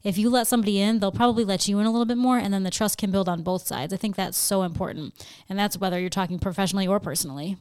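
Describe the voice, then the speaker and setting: A woman's voice: mid-range voice, fairly even intonation, rapid-fire, a little mellow, clear, resonant tone, no room sound. A woman, co-hosting a podcast in casual talk, sincere and chatty. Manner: sincere, chatty, uses "like" and restarts. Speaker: podcast co-host.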